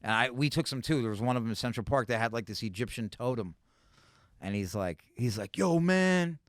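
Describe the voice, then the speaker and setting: Animated New comic telling stories. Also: male voice, on the low side, a little fast, dry recording, clean studio sound. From New York City. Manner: animated, profane, full of "like" and "right?". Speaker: comedian guest. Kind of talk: casual storytelling on a podcast.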